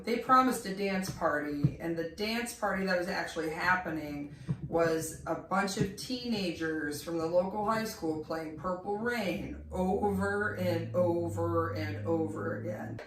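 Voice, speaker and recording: A woman's voice: lowish voice, a little slow. A young woman casually telling a funny story, acting out quotes and laughing as she talks. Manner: animated, laughing, acts out quotes. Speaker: storyteller co-host. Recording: roomy, distant mic, faint noise.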